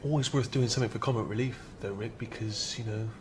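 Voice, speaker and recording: Man doing a nervous halting agent type, rushes his words, kinda put-upon. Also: fairly low pitch, noisy background, natural voice. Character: hesitant, put-upon male talent agent. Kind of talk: sitcom acting.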